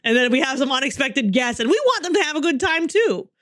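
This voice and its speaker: A woman's voice: sits high, lively intonation, quick pace, a bit bright. A young woman co-hosting a podcast, chatting casually about a book, laughing often and swearing freely. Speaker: podcast co-host. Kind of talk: casual book-club chat.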